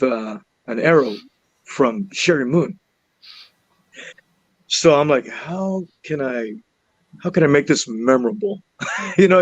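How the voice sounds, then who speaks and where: A man telling a story from a film set in casual chat, animated and laughing, restarting and repeating words as he goes. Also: mid-range voice, no room sound, poor audio. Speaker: actor and podcast guest.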